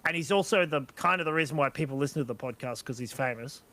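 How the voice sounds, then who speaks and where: A man's voice: on the high side, quick pace, bright, forceful tone. A young man co-hosting a casual podcast, joking around and laughing often. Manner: joking, laughs often, tries silly voices. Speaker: podcast co-host. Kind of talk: casual chat.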